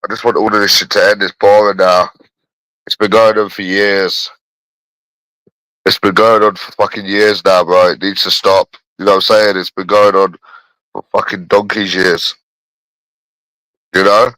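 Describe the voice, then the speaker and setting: A man's voice: deep voice, little pitch movement, moderate pace, pauses often, sharp tone, dry recording, rough recording. A man with a phlegmy cough, ranting in a repetitive, rambling, profane casual monologue. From London.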